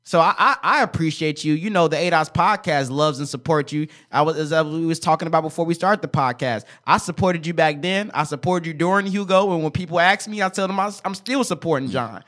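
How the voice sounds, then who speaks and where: Slightly high-voiced male podcast host, affirming and encouraging, preacher-like rhythm. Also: brisk, hardly any pauses, fairly bright tone. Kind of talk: casual interview.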